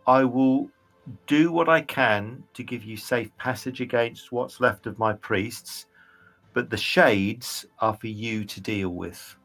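A man voicing a demanding, regal female goddess who bargains for favours, speaking in a measured, imperious way. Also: medium pitch, creaky, fairly bright tone, soft background music, full character voice.

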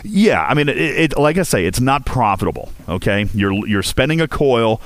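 A man's voice: medium pitch, big pitch swings, moderate pace, no room sound. A man hosting a game community voice chat, talking casually with lots of fillers, restarts and jokes. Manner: chatty, jokey, heavy fillers and restarts. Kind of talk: casual rambling talk to listeners.

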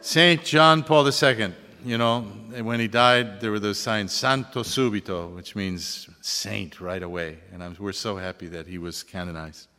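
An older man, a priest, giving a relaxed, joking talk to an audience. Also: fairly low pitch, a little slow, hardly any pauses. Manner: relaxed, joking, chuckles at his own jokes. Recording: long hall reverb.

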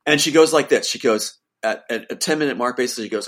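A man's voice: mid-range voice, quick pace, a bit bright. A man, the guest, telling an emotional personal account in an insistent voice that rises to pleading outbursts.

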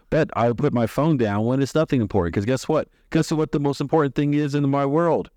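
A man's voice: mid-range voice, fairly quick, few pauses, warm tone, dry recording. A man hosting a casual, rambling chat with his sons, affectionate and joking. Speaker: father and podcast host.

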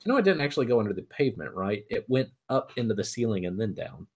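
Man, casual chat, lively storyteller who imitates others mid-story, pitch swings wide. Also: fast, breathy edge. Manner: animated storyteller, mimics voices in anecdotes.

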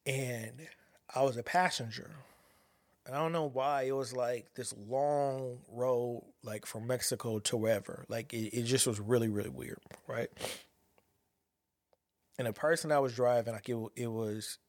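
A man shares a personal story, stopping and restarting often as he searches for his words. His voice sits at an ordinary middle pitch. The sound is dry and close, with no room echo. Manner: halting, many restarts and fillers, reflective. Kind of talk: personal monologue about anxiety and a dream.

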